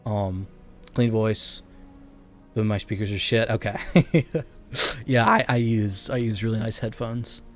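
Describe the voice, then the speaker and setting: Speaking at a measured pace with long pauses, this late-twenties streamer has a fairly low, fairly even voice as he chats casually while gaming from his bedroom. He rambles, interrupts himself, and chuckles often. Faint music sits behind him, picked up by a streaming mic with a noise gate.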